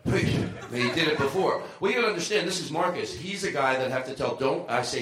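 A man's voice: fairly high pitch, animated, quick pace, hardly any pauses, a bit bright, roomy sound. A man hosting a live comedy show, rambling and joking with lots of profanity and laughter. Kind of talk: loose live comedy banter.

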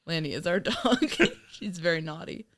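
A woman's voice: fairly low pitch, expressive, takes it slowly, fairly bright tone, no room sound, studio quality. A woman co-hosting a podcast in casual chat, giggling often and rambling with fillers. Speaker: podcast co-host.

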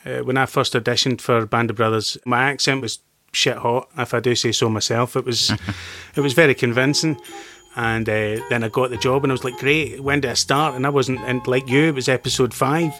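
A man telling a story as a podcast guest in casual talk, swearing freely and getting animated. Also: medium pitch, fairly quick, faint music behind. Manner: profane, animated anecdote-teller.

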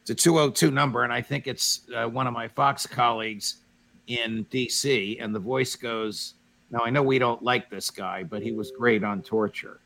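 A man's voice: mid-range voice, normal speed, vocal fry. A man hosting an online roundtable, telling anecdotes with energy and putting pointed questions to his guests over a remote call. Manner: storytelling, animated, asks pointed questions. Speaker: show host. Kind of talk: roundtable discussion.

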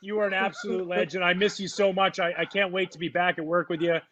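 A male host with a high, bright, sharp-edged voice chats casually with his guest. He is friendly and generous with praise. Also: fast, lo-fi sound. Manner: friendly, effusive praise, relaxed. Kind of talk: casual interview chat.

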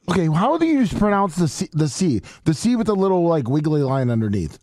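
A man's voice: on the high side, very animated, fairly quick, hardly any pauses, darkish tone, no room sound, studio quality. A man co-hosting a radio show, goofing around and laughing at himself as he stumbles over a word. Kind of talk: playful banter on air.

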